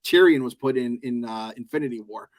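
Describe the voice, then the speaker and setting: A man's voice: medium pitch, fairly quick. A man co-hosting a podcast, chatting loosely about a TV episode, joking and swearing often. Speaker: podcast co-host. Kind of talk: casual show recap chat.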